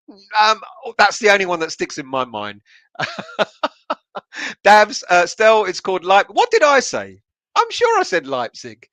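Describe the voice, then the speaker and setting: A man from England hosts a relaxed live stream and works through viewer comments one by one. His voice sits a little high and sounds bright and forward. The sound is dry and close, and his delivery is loose, with many fillers and false starts. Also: unhurried, no room sound. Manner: chatty, laughs often, many fillers and restarts. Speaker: podcast host reading live chat comments. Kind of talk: casual live-stream chat.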